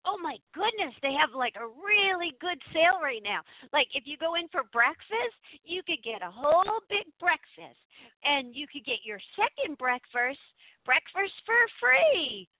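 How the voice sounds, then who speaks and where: A woman's voice: high-pitched, very animated, normal speed, no room sound. A woman playing a bubbly, scatterbrained young businesswoman who chatters on and talks over others. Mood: eager. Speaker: co-host. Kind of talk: comedy sketch acting. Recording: tinny phone-like dry sound.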